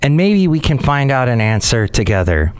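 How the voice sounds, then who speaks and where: A man's voice: medium pitch, big pitch swings, moderate pace, clear, resonant tone. A man hosting a podcast in a rambling, jokey, digressive monologue. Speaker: podcast host. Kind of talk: casual chat monologue.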